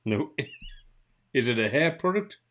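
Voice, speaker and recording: This podcast co-host has a Geordie accent and a medium-pitched, sing-song voice that's slow and a little bright. He grumbles through a casual chat full of restarts and swearing.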